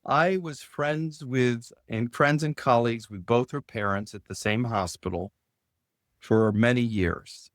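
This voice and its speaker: Casting: middle-aged man, podcast guest, animated storyteller, dry close recording. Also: measured pace, no room sound. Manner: animated storyteller, lifts his pitch sharply when quoting others. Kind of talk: storytelling in conversation.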